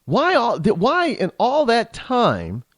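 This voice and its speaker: A man's voice: very high-pitched, huge pitch swings, takes it slowly, fairly bright tone, dry recording. A man hosting a talk show, delivering a rambling, indignant political commentary monologue full of restarts and repeated words.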